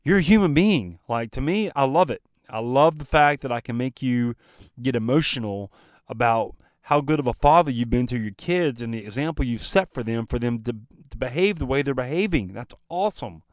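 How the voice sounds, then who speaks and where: Earnest male podcast host, smooth voice. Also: mid-range voice, expressive, brisk, dry recording, clean studio sound. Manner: earnest, emphatic, talks straight to listeners. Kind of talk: casual storytelling monologue.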